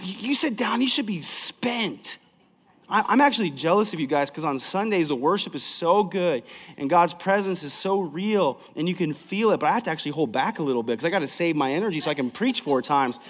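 A man preaching a sermon as pastor of a large church, emphatic and energetic, swinging from loud to soft. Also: a little high, a little fast, in a large hall.

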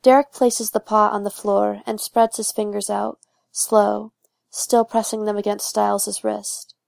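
A woman narrates a fan fiction audiobook in a steady, even voice with noticeable vocal fry. Her pitch stays level and restrained. The close mic gives a dry, intimate sound. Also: unhurried, no echo.

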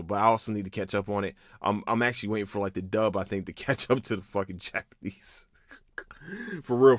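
A man hosting his own podcast, talking casually and excitedly, swearing often and restarting his sentences as he rambles. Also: medium pitch, dry recording, studio quality. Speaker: podcast host. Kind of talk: casual solo podcast chat.

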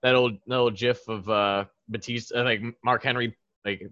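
A man's voice: medium pitch, steady tone, moderate pace, a bit bright, no room sound. A man co-hosting a podcast, rambling through a casual wrestling recap with lots of ums and chuckles. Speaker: podcast co-host. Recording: dull lo-fi mic.

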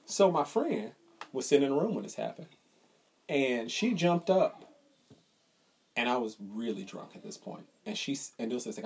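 A young man co-hosting a podcast, telling a profane, animated story in casual chat and acting out the people in it. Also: mid-range voice, normal speed, creaky, long pauses, breathy edge. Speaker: podcast co-host.

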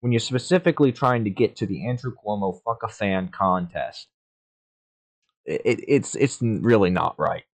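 A young man co-hosting a podcast, telling an absurd story in a halting, deadpan way. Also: lowish voice. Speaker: podcast co-host.

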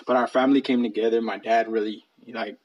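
A man's voice: on the low side, steady tone, quick pace, lo-fi sound. A man in his thirties chatting casually in a laid-back, earnest way. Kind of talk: casual chat.

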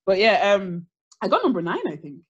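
A young woman co-hosts a chatty home podcast. Her voice is slightly husky and swings widely in pitch as she teases her friend and laughs. The talk is loose and casual, with the odd swear. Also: wildly swooping pitch, fairly quick, dull audio. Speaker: podcast co-host. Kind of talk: casual chat. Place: home studio.

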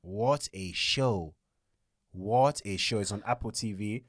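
A man's voice: fairly low pitch, slow, no room sound, studio quality. A young man co-hosting a couple's vlog in casual chat, joking and teasing in an easygoing way.

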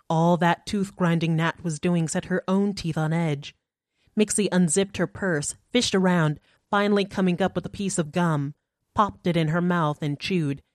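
A woman narrating a short story in an audiobook reading, measured and even. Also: on the low side, no room sound, studio quality.

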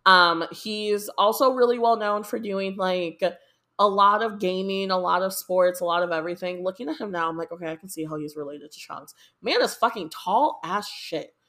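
A young woman from the United States hosting a podcast, chatting casually in a rambling, excitable way with lots of fillers and swearing. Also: mid-range voice, normal speed. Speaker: podcast host. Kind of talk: casual chat.

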